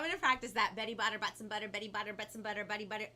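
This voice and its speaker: A chatty woman from California with a Valley girl accent, hosting a kids' live stream and talking a lot and quickly. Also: medium pitch, fairly even intonation, background noise. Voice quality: talks a lot and fast, bubbly. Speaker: kids' show host.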